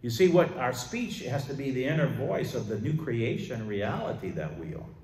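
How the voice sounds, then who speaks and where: A man pastor preaching a sermon, moving between loud emphatic declarations and quiet asides. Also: medium pitch, very animated, moderate pace, distant mic. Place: church sanctuary. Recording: echoey church hall.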